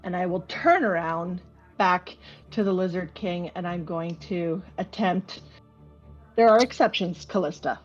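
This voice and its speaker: A woman playing a tabletop game, slow and giggly in her banter. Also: fairly low pitch, faint music behind. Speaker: player. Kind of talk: casual tabletop play. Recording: slightly dull lo-fi sound.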